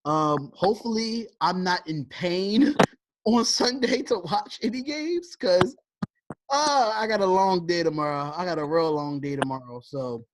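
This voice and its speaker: A woman's voice: on the low side, a little slow. A woman hosting a casual sports podcast, loose and talkative, laughing often. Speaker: podcast host.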